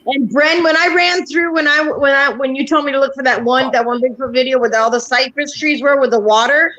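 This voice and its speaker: High-voiced rambling woman. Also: a little fast, a bit bright, highs cut off. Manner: rambling storyteller, restarts and quoted asides. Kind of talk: casual video call chat.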